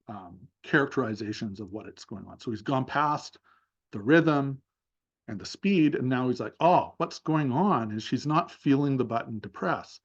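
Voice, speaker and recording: A seminar speaker on a video call narrates a session one step at a time, reflective and heavy on filler words. He speaks in a mid-range voice, and the audio is dull.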